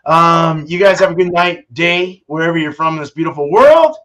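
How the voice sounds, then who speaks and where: A man's voice: on the high side, moderate pace, fairly bright tone. A man hosting a casual home-brew live stream, talking loosely with lots of fillers and swearing. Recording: dull lo-fi stream audio.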